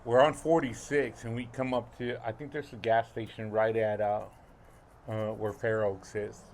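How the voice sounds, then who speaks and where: A man's voice: lowish voice, level tone, normal speed, a little mellow, slight background noise. A middle-aged man, co-hosting a podcast and telling a rambling, profane story with lots of fillers. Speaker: podcast co-host. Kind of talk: casual chat.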